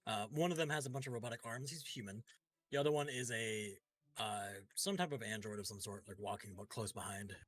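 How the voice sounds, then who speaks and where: A man's voice: lowish voice, fairly quick, fairly bright tone. A man narrating as game master, describing scenes in a plain, descriptive way.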